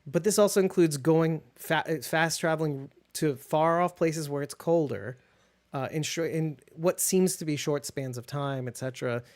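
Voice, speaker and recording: Excitable podcast co-host recapping TV. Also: medium pitch. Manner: excitable, talks fast when worked up. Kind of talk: casual TV recap chat.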